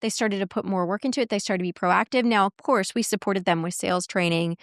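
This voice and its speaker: A woman guest in a podcast interview, telling workplace stories in an animated way and acting out quoted dialogue. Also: mid-range voice, fast, no echo, studio quality. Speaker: guest, marketing executive and coach.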